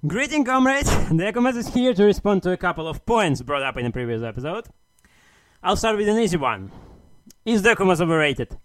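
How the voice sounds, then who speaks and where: A man's voice: high-pitched, sing-song, brisk, no room sound. A man delivering a mock-grandiose, argumentative monologue in an audio message sent to a show. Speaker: listener sending an audio message. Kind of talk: read-out monologue.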